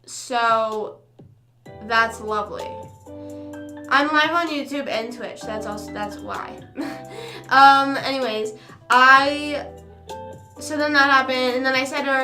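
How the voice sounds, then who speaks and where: A woman's voice: high-pitched, fairly even intonation, slow pace, long pauses, echoey room, music in the background. A young woman hosting a live stream, telling a story in casual chat full of "like" and acting out what people said. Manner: chatty, lots of "like", acts out quoted people. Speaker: livestream host.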